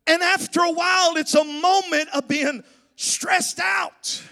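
A man with a strikingly high voice preaches to his congregation. He delivers his sermon emphatically, rising into shouts and a sing-song cadence, often stammering and restarting his phrases. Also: measured pace, vocal fry. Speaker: pastor. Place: church sanctuary.

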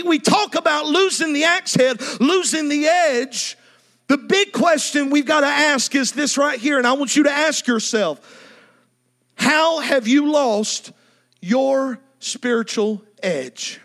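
A man delivers a sermon in a strikingly high voice. He preaches with passion and repetition, sometimes rising into a half-sung, shouted cadence. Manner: repetitive, impassioned preaching with acted quotes. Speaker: pastor.

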